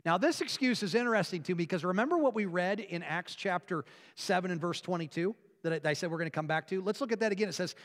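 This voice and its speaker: A man preaching a sermon as a pastor, earnest, moving between emphatic, rising passages and quiet, hushed ones. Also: sits high, animated, fast. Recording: long reverb of a large hall.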